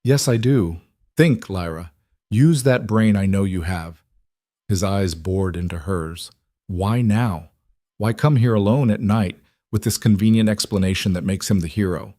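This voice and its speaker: A stern guardian with steel in his quiet voice, as a man reads him in a storybook audiobook. He sounds low and dry, with blunt questions. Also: a little slow, dry recording, close to an everyday voice.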